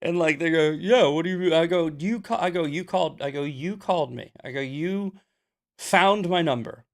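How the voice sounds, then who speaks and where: Male host, young adult, gravelly and a touch high, blunt sarcastic chat. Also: brisk. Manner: blunt, sarcastic, animated storytelling. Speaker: podcast host. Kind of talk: casual commentary, reading questions.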